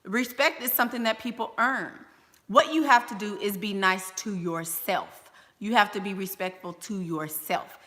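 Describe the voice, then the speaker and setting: A woman's voice: mid-range voice, bright, forceful tone, big-room sound. A woman giving advice in a casual monologue to camera, emphatic and sassy, repeating her key lines for effect. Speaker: vlogger giving life advice.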